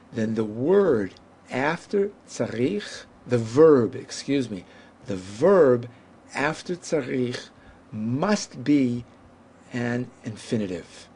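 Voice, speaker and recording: Man, Hebrew teacher, gravelly voice, patient explanations, careful slow pronunciation, faint background hiss. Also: mid-range voice, darkish tone. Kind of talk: whiteboard language lesson.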